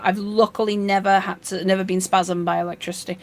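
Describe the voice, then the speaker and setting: A woman's voice: medium pitch, little pitch movement, quick pace, hardly any pauses. Rambling woman chatting about fish. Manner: rambling and anecdotal, with dry jokes. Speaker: fishkeeping channel host. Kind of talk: casual chat.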